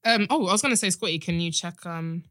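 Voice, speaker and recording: A woman's voice: on the low side, fast, dry recording, studio quality. A woman hosting a podcast, chatting casually, teasing her co-hosts and often breaking into giggles. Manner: giggly, teasing, loud bursts. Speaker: podcast host. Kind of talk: casual chat. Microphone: studio mic.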